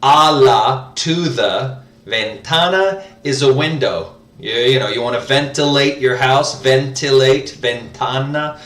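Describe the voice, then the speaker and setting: Slow, hesitant man teaching himself a language. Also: mid-range voice, a bit bright. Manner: hesitant, many fillers and self-corrections. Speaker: language learner host. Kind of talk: casual spoken lesson, thinking aloud. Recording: roomy, mic at a distance.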